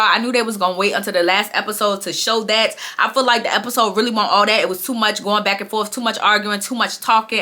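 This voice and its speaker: A woman vlogger recapping a show in a casual, animated and emphatic way, stretching words and tossing in "okay?" to her viewers. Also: medium pitch.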